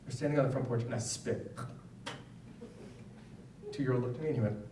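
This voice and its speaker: Heavy background noise accompanies a man talking a little fast in a mid-range voice. He's a psychologist giving parents a conversational public lecture with personal stories in a school event hall, regularly checking in with "right?". The mic is distant and the room sounds roomy, with faint ambience.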